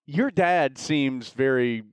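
A man hosting a show, putting slow, carefully worded interview questions to a guest. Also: medium pitch, clear, resonant tone, no echo. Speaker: show host.

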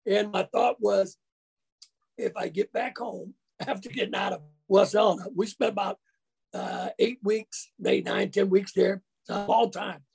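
A man's voice: high-pitched, fairly even intonation, a little slow, creaky, a little mellow, breathy edge. A man who once played college football, recalling his past in a casual interview, folksy and colloquial. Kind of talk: casual storytelling.

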